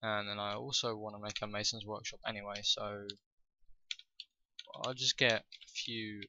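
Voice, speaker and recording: A man giving casual commentary over his own gameplay, thinking aloud with frequent fillers and pauses. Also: on the low side, level tone, lo-fi sound, noisy background. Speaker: gaming video host.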